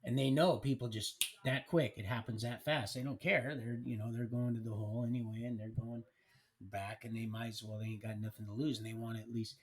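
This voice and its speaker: On a live stream, a man rambles casually through his life story in colloquial language, often restarting his sentences. His mid-range voice is flat in delivery and fairly quick. He's a livestream storyteller using a streaming mic.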